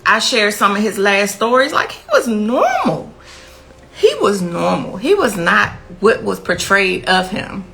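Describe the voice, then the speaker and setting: A woman's voice: mid-range voice, expressive, measured pace, creaky, few pauses, pushed and bright, a little hiss or hum, poor audio. A woman, a grieving mother, giving a blunt and impassioned interview account, repeating herself for emphasis. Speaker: victim's mother telling her story.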